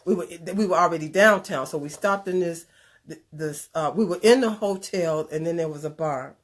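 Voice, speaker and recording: A woman telling a personal story in a conversational talk, animated and earnest, drifting into preachy asides. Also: on the low side, moderate pace. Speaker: speaker sharing a personal story. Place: Chicago area.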